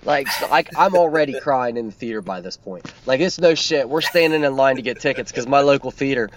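A man's voice: mid-range voice, animated, a little fast, slight background noise. A man recapping a movie in casual podcast chat, rambling and swearing, with lots of fillers. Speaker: podcast co-host.

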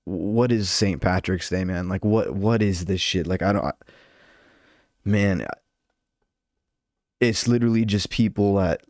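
Fired-up young man ranting, low and dry. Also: unhurried, long pauses, a little mellow, dry recording. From Albanian heritage. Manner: fired-up, profane, rambling with filler words. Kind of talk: casual rant to camera.

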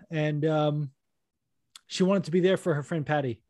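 A young man chatting casually as a podcast co-host, animated and quick to act out what other people said. His voice sits a little high, and the sound is dry and close. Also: dry recording. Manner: animated storytelling, acts out quotes. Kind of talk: casual chat.

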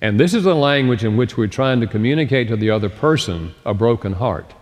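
A man giving a sermon-style talk on relationships, expressive and emphatic, slowing down to stress points. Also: medium pitch. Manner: expressive, slows down for emphasis and acts out quoted dialogue. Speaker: speaker on relationships. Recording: long reverb of a large hall.

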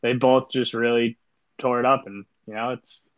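Casual male podcast co-host, rambling and deadpan, mid-pitched voice, dry and slightly muffled recording. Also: normal speed, dry recording. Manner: laid-back, rambling with many fillers, deadpan joking. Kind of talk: casual sports podcast chat.

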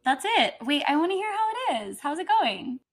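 A woman's voice: extremely high pitch, sing-song, fairly quick. A woman co-hosting a podcast, upbeat and giggly in casual chat. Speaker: podcast co-host.

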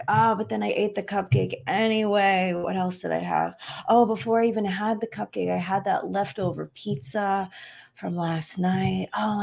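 Woman doing a guilt-ridden binge eater the morning after, low and husky, muttering to herself. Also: darkish tone, exaggerated voice. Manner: fretful muttering inner monologue.

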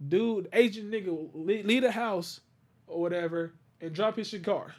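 A man's voice: high voice, moderate pace. A man hosting a casual podcast, chatting loosely and telling stories with acted-out quotes. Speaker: podcast host. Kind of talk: casual chat.

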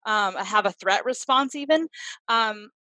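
A woman's voice: medium pitch, lively intonation, measured pace, sharp tone, no echo, poor audio. Earnest woman explaining, dry close sound. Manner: earnest, explains with acted-out examples. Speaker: clinician and parenting expert guest. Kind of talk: conversational podcast interview.

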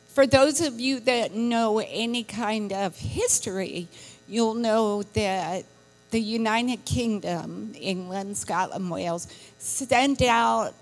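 A woman's voice: medium pitch, in a large hall. A woman from the United States, chatting casually to a church, laughing and acting out other people's voices. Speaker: missionary wife addressing church. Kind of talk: casual talk from the pulpit. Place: church hall.

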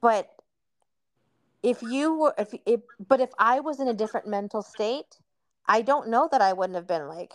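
A woman's voice: fairly high pitch, measured pace, dry recording. A woman hosting a podcast, telling a personal story in a casual, candid chat. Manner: candid storytelling, calls guest "girl". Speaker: podcast host.

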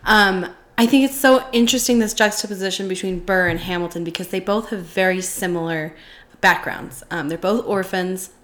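A woman co-host talks things through in a thoughtful, conversational way. She leans on "um" and "you know" as she builds her points. Her pitch sits in the middle. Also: moderate pace, a bit bright. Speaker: podcast co-host. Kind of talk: casual chat.

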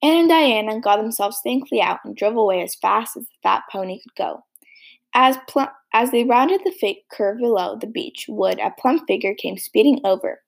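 A woman narrating an audiobook of a classic novel in a steady, measured reading with a husky, gravelly voice. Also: on the high side.

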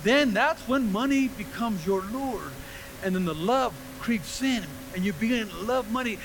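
A man preaching a sermon in a church, his voice sitting high for a man and carrying a gravelly edge. He talks in an animated way, acting out the voices he quotes and throwing questions back at the congregation. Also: measured pace, slight background noise. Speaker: pastor.

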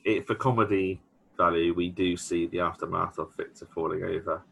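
A man's voice: deep voice, steady tone, a little fast, gravelly, fairly bright tone, slight background noise. A British man co-hosting a podcast, chatting casually about a sitcom and thinking aloud with restarts and fillers. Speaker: podcast co-host. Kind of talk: casual chat recapping a sitcom episode.

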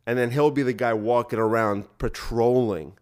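A man's voice: mid-range voice, fairly even intonation, normal speed, darkish tone. Rambling, sarcastic male podcast host. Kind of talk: casual solo podcast monologue.

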